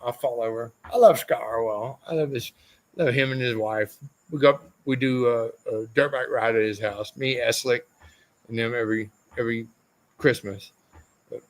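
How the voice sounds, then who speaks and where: A man who raced motorcycles, telling loud and profane stories as a podcast guest, often slipping into mock quotes of other people. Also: medium pitch. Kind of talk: unfiltered storytelling, heavy swearing. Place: podcast studio.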